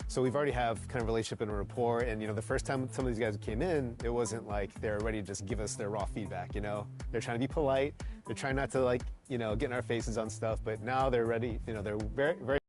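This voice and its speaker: A game developer being interviewed, talking casually and rambling with plenty of fillers. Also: male voice, medium pitch, fairly even intonation, fast, few pauses, over music.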